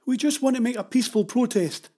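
A man's voice: extremely high pitch, fast talker, warm tone, slightly rough, voice pushed up. A man reading a story aloud, voicing a thin, grey-haired posh older woman who speaks shrilly and with resentment. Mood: pleading.

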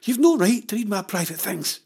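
Man putting on a high, fiery ten-year-old girl. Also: normal speed, darkish tone, breathy edge. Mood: indignant. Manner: heated, indignant outbursts. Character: spirited ten-year-old farm girl, quick to anger.

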